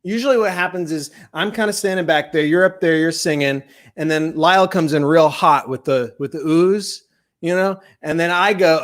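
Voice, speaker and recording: Comedy telethon host, man, high voice, rambling deadpan delivery. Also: normal speed. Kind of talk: improvised comedy banter.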